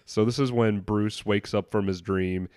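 A man co-hosting a casual podcast chat, playful and eager, quick to laugh. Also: lowish voice, steady tone, a little mellow, smooth, no echo. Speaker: podcast co-host.

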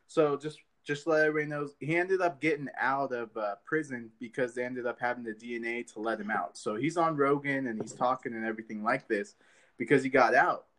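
A man's voice: mid-range voice, a little fast, fairly bright tone. A man hosting a podcast in casual chat, rambling loosely with many fillers and swearing. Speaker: podcast host.

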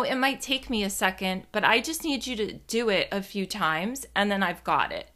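Bright-voiced, chatty, profane young woman. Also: medium pitch. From New Jersey. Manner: chatty, profane, rambling with many fillers. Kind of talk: casual storytelling monologue.

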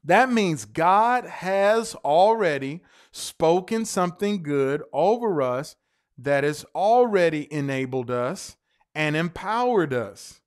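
Slow, emphatic preacher, man. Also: fairly high pitch, lively intonation. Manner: emphatic, drawn-out stresses on single words; spells out words letter by letter. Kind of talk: sermon.

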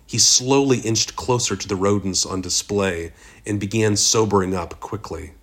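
A man reading a novel aloud as an audiobook narrator, steady and measured. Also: lowish voice, husky. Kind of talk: scripted narration.

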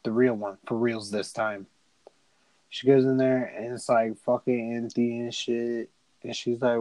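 Slow, dry-voiced young man recapping a movie. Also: medium pitch, darkish tone, no echo, low-quality recording. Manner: profane, rambling, laughing, voices characters in the retelling. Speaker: podcast co-host. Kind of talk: casual movie recap chat.

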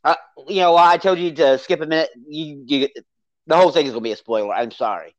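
A podcast co-host in a casual movie review chat, rambling and animated as they recount the plot. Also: medium pitch, fast, no room sound. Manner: rambling, animated, acts out character quotes.

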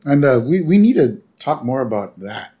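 Casting note: easygoing male podcast co-host, joking recap, middle pitch. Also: moderate pace. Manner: relaxed, joking, retells scenes. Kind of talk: casual chat recapping a cartoon episode.

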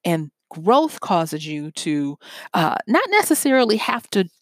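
A woman's voice: lowish voice, very animated, a little slow, dry recording. A woman giving an earnest, conversational motivational talk built on everyday examples.

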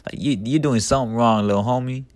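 This podcast host rambles casually and quickly at a medium pitch, cursing and leaning on "like" and "man" while erupting into heated rants now and then. The recording sounds dry.

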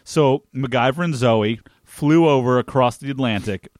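A man's voice: medium pitch, normal speed, darkish tone, no room sound, clean studio sound. A man co-hosting a podcast, chatting casually about a TV episode and dropping joking asides. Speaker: podcast co-host. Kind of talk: casual chat recapping a TV episode.

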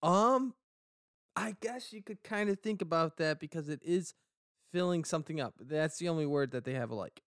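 Guy cohosting a podcast, jokey and rambly, smooth clear voice, dry close mic. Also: fairly high pitch, normal speed, no room sound. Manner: joking, rambling, playful. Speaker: podcast co-host. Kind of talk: casual podcast chat.

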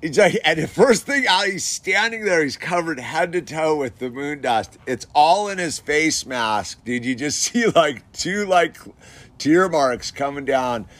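A man's voice: fairly high pitch, lively intonation, unhurried, fairly bright tone. A man casually telling an anecdote, chatty, laughing often and full of filler words. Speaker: storyteller.

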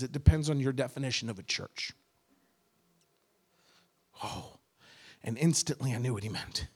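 Young guy pastor preaching, voice sits high, gets fired up and shouty. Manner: impassioned, rising to shouts at peaks. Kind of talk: sermon.

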